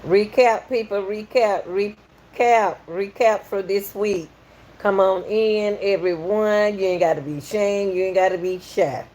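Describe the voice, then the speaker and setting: A woman's voice: medium pitch, unhurried, a little mellow, a little hiss or hum. A middle-aged woman from Atlanta with a Southern accent, welcoming viewers in a folksy, repetitive live-stream chat as a podcast host. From Atlanta, USA.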